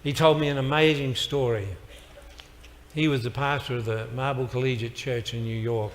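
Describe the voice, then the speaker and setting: A man's voice: medium pitch, steady tone, normal speed. Man, motivational speaker, punchy storytelling, live audience, long hall reverb, faint background hiss. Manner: punchy storyteller with emphatic one-liners.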